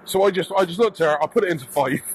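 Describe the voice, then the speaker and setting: A British man with a light, high-pitched voice tells a story casually while riding along a bike path outdoors. He is animated, swears freely and acts out the other people in his story. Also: rapid-fire, slightly rough, low-quality recording. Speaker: electric bike vlogger.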